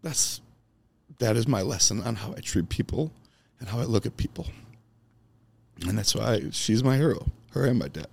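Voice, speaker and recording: Deep-voiced man telling heartfelt stories. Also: animated, moderate pace, creaky, long pauses, a little mellow, slightly rough. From Chicago. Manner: emphatic, heartfelt, swears casually. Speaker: podcast guest. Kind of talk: personal storytelling in conversation.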